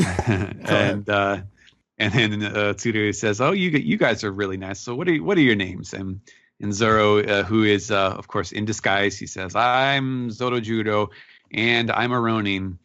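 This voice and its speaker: A man co-hosting a podcast, recapping a manga chapter in a halting, casual way with lots of fillers. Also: fairly low pitch, fairly bright tone, dry recording, dull audio. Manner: halting, many fillers and restarts. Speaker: podcast co-host.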